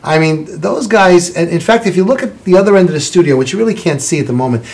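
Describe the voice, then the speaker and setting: A man's voice: sits high, expressive, fast, vocal fry, darkish tone. A man hosting a studio talk show, praising his guests in an effusive, rambling way. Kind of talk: chatty studio interview. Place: television studio.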